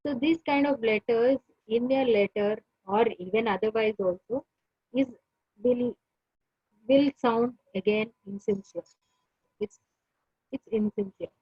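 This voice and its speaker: A woman with an Indian English accent gives an online class lecture, her slightly high voice husky. She circles back over her points and fills pauses often. The sound is dull and dry, with no room around it. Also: dry recording. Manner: repetitive, pauses with many fillers.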